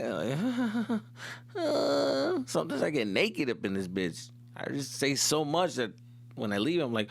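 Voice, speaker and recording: A man's voice: on the high side, big pitch swings, measured pace, vocal fry. A young male comedian hosting his own podcast, rambling profanely through a casual monologue and switching into Spanish slang.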